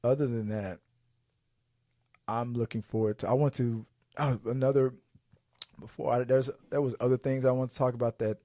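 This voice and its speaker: Male podcast host, middle pitch, dry and close. Casual movie talk that rambles and restarts. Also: steady tone, moderate pace, pauses often, mellow, no room sound. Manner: rambling, restarting sentences, acting out quotes.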